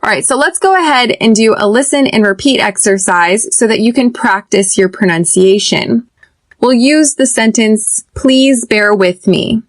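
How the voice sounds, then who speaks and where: An American woman teaching English pronunciation on a podcast, speaking slowly and deliberately so learners can repeat after her. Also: fairly high pitch, animated, no room sound.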